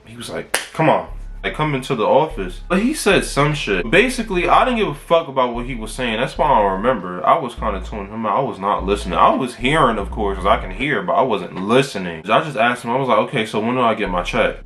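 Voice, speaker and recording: A man's voice: medium pitch, expressive, fast, hardly any pauses, a bit bright. A young man in his late teens telling a casual, profane storytime vlog about his own life. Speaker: vlogger.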